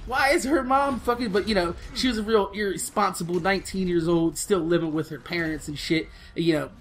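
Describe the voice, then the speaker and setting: A man in his late twenties with a fairly high voice tells a story as he plays, laid-back and rambling. He curses constantly and slips into street slang, with faint noise in the background. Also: steady tone, a little fast. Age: late 20s. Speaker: gaming channel host. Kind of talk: storytelling over gameplay.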